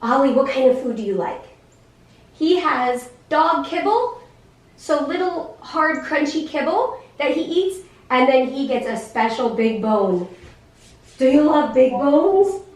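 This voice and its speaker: High, lively woman teaching kids in an echoey room. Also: measured pace. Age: 30s. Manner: animated, sing-song teacherly talk with many questions to the kids. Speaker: guest speaker in a special education class. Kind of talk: explaining to children. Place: classroom. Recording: echoey classroom, voice from far off.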